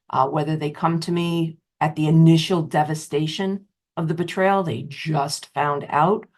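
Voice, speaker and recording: Low-voiced woman sharing a personal story. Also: darkish tone. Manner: emotional storytelling with repetitions; strong pitch swings for emphasis. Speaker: betrayal recovery specialist. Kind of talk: personal testimonial talk.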